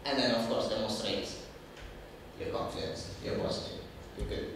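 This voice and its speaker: A man speaking to students at a university session, giving animated, emphatic advice on job interviews and acting out what an employer thinks. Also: lowish voice, normal speed, noisy background. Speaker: career workshop speaker. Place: large university room. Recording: echoey room heard from far off.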